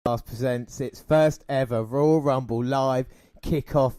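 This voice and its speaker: A man's voice: medium pitch, steady tone, unhurried, dark tone, clean tone, dry recording, clean studio sound. A man hosting a podcast, upbeat and steering the conversation. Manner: upbeat, runs the show. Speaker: podcast host. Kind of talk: casual chat.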